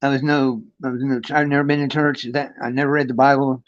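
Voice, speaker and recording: A man tells a personal spiritual experience on his livestream, rambling, restarting sentences and swearing freely. He stops now and then to read and greet his chat. His mid-pitched voice comes through slightly dull, lo-fi stream audio. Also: little pitch movement, quick pace. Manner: rambling, frequent restarts and profanity; reads and greets chat between story. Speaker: livestream host. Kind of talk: casual storytelling on a livestream. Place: his friend's home.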